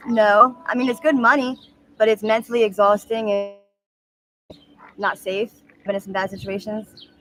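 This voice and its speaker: A woman in her mid-thirties speaking frankly in a street interview, halting with many ums and likes. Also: mid-range voice, level tone, fairly bright tone. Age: 30s.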